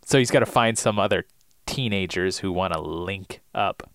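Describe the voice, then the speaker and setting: A man's voice: low voice, normal speed, smooth, no room sound, studio quality. A man co-hosting a podcast in casual chat, cracking jokes and puns and reacting with laughs. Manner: jokey, punning, animated reactions with laughs. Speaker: podcast co-host.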